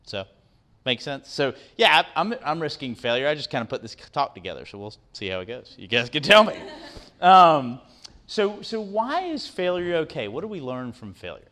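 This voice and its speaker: Bright-voiced man giving a casual talk. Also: fairly high pitch, very animated, moderate pace. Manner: conversational, quizzes the audience, keeps tagging "right?". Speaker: guest speaker. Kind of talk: motivational talk to students. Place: university lecture room.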